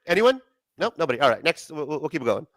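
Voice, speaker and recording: A man's voice: a little high, very animated, fast, a bit bright, dry recording. A man hosting a casual late-night livestream, swearing a lot and laughing often. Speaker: livestream host.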